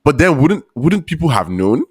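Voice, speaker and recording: A man co-hosting a podcast, chatting casually about a TV show, laughing often and getting excited. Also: on the high side, normal speed, husky, no echo, clean studio sound. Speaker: podcast co-host.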